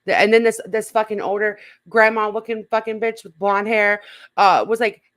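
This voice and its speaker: A woman's voice: mid-range voice, flat delivery, moderate pace, fairly bright tone, dry recording, clean studio sound. A New woman hosting a casual reaction chat, heated and profane, laughing often. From New York. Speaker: YouTube commentary host.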